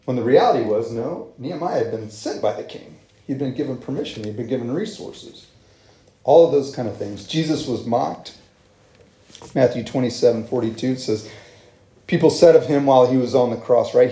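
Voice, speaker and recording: Mellow-voiced man preaching in an echoey hall. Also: medium pitch, normal speed. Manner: conversational, with frequent fillers and rhetorical asides. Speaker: pastor. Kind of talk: sermon.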